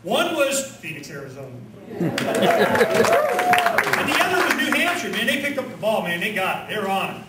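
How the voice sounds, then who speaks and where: A man giving an animated rally speech at a conference, firing off rhetorical questions and leading chants. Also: sits high, a little fast, long pauses, heavy background noise. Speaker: conference speaker. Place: conference hall with audience. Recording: echoey hall, distant mic, crowd.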